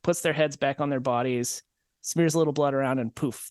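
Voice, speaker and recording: A man's voice: medium pitch, fairly even intonation, fast, clear, resonant tone, dry recording, clean studio sound. A man hosting a podcast, retelling a fairy tale as comedy in a wry, rambling manner. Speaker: podcast host.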